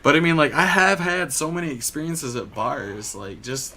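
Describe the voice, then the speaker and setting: A man's voice: fairly high pitch, normal speed, bright, forceful tone. A young man from Michigan hosting a podcast, telling stories in a rambling, casual way with lots of filler and swearing. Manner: rambling storyteller, heavy filler "like", frequent swearing. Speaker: podcast host. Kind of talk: casual chat.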